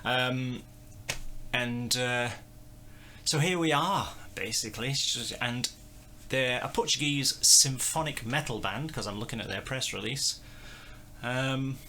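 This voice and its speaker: A man's voice: mid-range voice, unhurried, sharp tone, a little hiss or hum. Rambling man hosting a music chat. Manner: rambling, self-deprecating, chuckling. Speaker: host. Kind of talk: casual music review chat.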